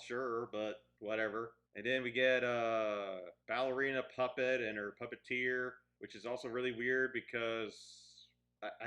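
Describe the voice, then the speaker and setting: A man reviewing a movie in an exasperated, ranting commentary, stumbling over restarts and building to loud outbursts. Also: medium pitch.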